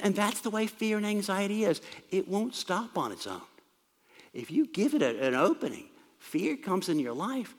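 A man's voice: sits high, long reverb tail. A man preaching a sermon, explaining scripture in a plain, conversational way.

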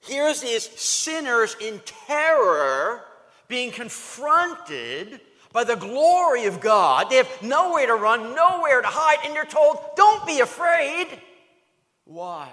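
Lively, high-pitched preaching man in a hall. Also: slow. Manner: emphatic, animated preaching with repetitions. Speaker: pastor. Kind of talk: sermon.

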